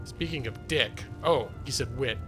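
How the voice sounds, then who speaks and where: A man's voice: mid-range voice, unhurried, over music. A man streaming a video game live, chatting casually in a jokey, self-mocking way and laughing often. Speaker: gaming streamer and lawyer.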